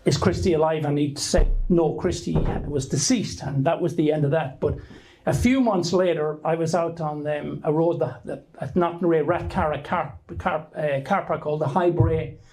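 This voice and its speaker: A man's voice: a little high, normal speed, darkish tone, poor audio. Irish man telling a rambling story. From Ireland. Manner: rambling anecdotal, frequent restarts. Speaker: author giving a talk. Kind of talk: storytelling talk to an audience. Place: hall at a book launch.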